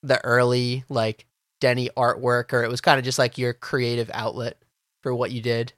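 A man's voice: medium pitch, flat delivery, normal speed, a bit bright, no echo, studio quality. A man hosting a casual podcast who asks laid-back questions padded with filler words. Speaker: podcast host.

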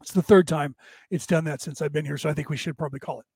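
A man's voice: on the high side, steady tone, quick pace, creaky, darkish tone, husky, dry recording. A man hosting a casual livestream, talking with viewers in a rambling, chuckling way while his voice tires and strains. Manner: rambling, chuckling, searching for words. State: tiring, strained voice. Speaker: livestream host and minister.

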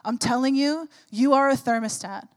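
A woman's voice: high voice, normal speed. A woman in her thirties, a pastor preaching a sermon, telling a personal story and building to fervent exhortation.

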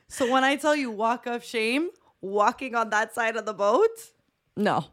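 A woman's voice: on the high side, normal speed. A young woman co-hosting a podcast, telling a story in casual chat and acting out the quoted voices, often laughing. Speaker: podcast co-host.

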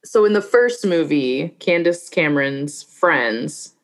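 A woman co-hosting a casual chat, wry and quick to laugh as she retells scenes. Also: deep voice, animated. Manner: wry, laughs easily, storytelling. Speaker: podcast co-host.

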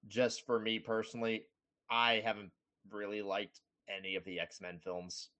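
Male podcast co-host, low-ish voice, relaxed, brief replies. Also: normal speed. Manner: laid-back, mostly short agreeing replies and laughs. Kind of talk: casual chat.

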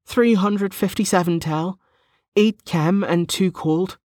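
A man narrating an audiobook voices a blunt young woman in a raised, slower voice with a deadpan manner. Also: high-pitched, no room sound, clean studio sound, pitched above the performer's own voice. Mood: matter-of-fact.

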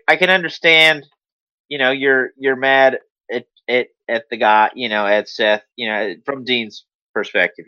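Male co-host, casual rambler with wry humor, bright edge, dry dull recording. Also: lowish voice, dry recording. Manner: rambling, stammering restarts, wry jokes. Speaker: co-host of a wrestling talk show. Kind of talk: casual chat.

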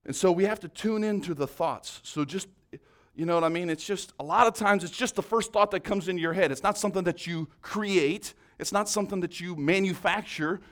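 A man giving a conversational church teaching, earnest and encouraging, rising loud then dropping soft. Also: high voice, a little fast.

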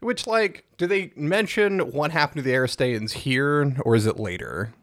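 A man's voice: on the high side, animated, moderate pace, a bit bright, no echo, clean studio sound. A man co-hosting a podcast, chiming in on a game's story with laughs and profanity. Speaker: podcast co-host. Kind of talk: casual podcast chat recapping a game.

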